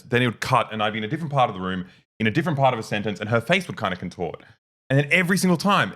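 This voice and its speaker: A young man on a casual podcast, telling a story with animation and plenty of swearing. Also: mid-range voice. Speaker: co-host.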